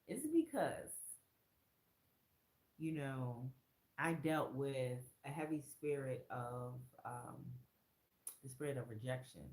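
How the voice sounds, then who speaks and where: A woman sharing a faith testimony from her room in casual, excited storytelling. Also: echoey room. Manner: excited storyteller who acts out quoted lines in a much higher voice. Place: her own room, indoors.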